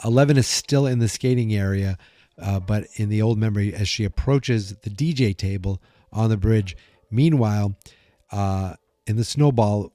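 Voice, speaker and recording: A man recaps an episode for his podcast in a chatty, hesitant way, full of fillers, and he briefly acts out what the characters say. His voice sits low and sounds dark and mellow. The recording is dry and close to the mic. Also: no echo. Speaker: podcast host.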